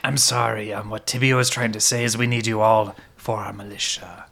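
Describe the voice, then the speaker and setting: A player in a tabletop game, brash and deadpan. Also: mid-range voice, a little fast, vocal fry. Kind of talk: casual tabletop play.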